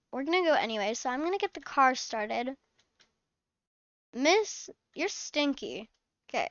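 High-voiced woman playing a scolding mom. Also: pushed and bright, clean tone, no echo, muffled recording. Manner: chatty, mothering, scolding. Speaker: channel host playing a mom. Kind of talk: casual game role-play narration.

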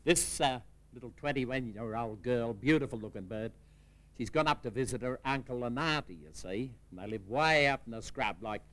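A man's voice: mid-range voice, moderate pace, fairly bright tone. Easygoing Australian man spinning a yarn. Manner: laid-back, rambling yarn-spinner. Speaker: comedy regular telling jokes. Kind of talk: comic yarn-telling.

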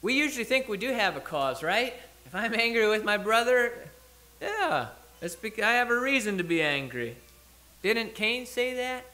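A man delivers a sermon in a church, with a fairly high, bright and forceful voice. He talks it through like a conversation, stopping to restart or correct himself as he thinks out loud. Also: big pitch swings, moderate pace. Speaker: preacher.

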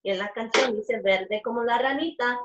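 Speaking briskly in a slightly high voice, this Los Angeles woman teaches kids music in English and Spanish, mixing talk with song in a cheerful, encouraging manner. The home stream sounds roomy, with guitar and keyboard, a distant mic, clipped highs, and a lot of noise.

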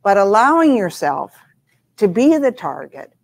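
An older woman speaks in a reflective, earnest manner as a panel guest. She recounts anecdotes at an even pace, with a voice sitting in the middle of the usual range. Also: medium pitch, unhurried. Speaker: panel guest, former university president. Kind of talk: reflective storytelling in a panel talk.

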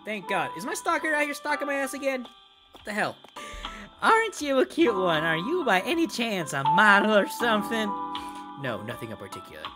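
A woman hosting a horror game let's play, talking loudly and excitably, swearing and laughing as she plays. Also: fairly high pitch, normal speed. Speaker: gaming video host. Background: game music.

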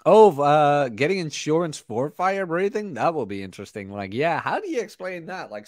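A man's voice: fairly high pitch, big pitch swings, normal speed, few pauses, darkish tone, no echo, studio quality. A man hosting a casual livestream podcast, rambling as he reads and answers chat comments. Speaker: podcast host.

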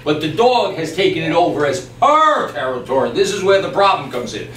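A high-pitched male dog trainer gives an on-the-spot training demonstration in the yard and doorway of a house, speaking briskly, calmly and emphatically and addressing the dog in between. The camera audio is distant and echoey, with background noise.

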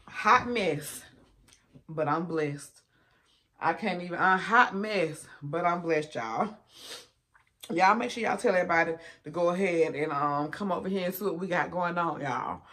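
A woman's voice: lowish voice, measured pace, fairly bright tone. Woman, casual storytelling, chatty, mukbang vlogger. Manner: chatty, addresses viewers as y'all and honey. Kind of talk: casual storytelling while eating.

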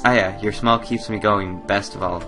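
A man reading the lines of a kind, ailing mother in a horror game, gentle and reassuring. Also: on the low side, steady tone, normal speed, music in the background, close to an everyday voice.

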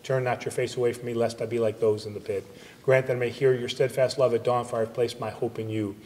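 A man serving as liturgical reader, reciting psalms in a steady, even manner at a church service. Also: medium pitch, quick pace. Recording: long church reverb on a livestream.

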